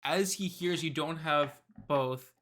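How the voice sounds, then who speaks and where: A game master narrating a tabletop game, pausing with fillers and small laughs. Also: mid-range voice, fairly bright tone.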